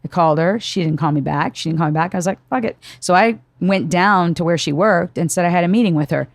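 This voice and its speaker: A woman in her forties, a guest on a podcast, telling stories in casual chat with an animated, profane delivery. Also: lowish voice, fast talker, no echo.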